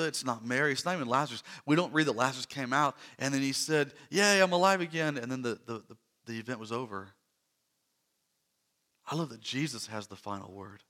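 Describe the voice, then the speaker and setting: A man preaching a sermon, earnest, dropping to soft hushed lines and rising to loud emphatic repetition. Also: medium pitch. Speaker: pastor.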